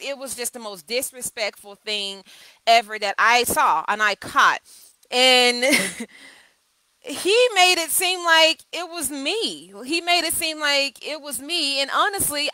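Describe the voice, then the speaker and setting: A woman coach speaks live to her viewers in a high, bright, sharp-edged voice. She tells candid stories and repeats her key phrases for emphasis. The sound is dry and close, with no room echo. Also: smooth. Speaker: communication coach. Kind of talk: live video talk.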